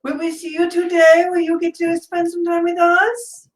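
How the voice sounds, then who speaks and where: A gushing, excitable nun, as a woman game master puts her on, her voice pitched up very high and bursting with delight. She sounds effusive and eager over the phone, in a room with a noticeable echo. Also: moderate pace.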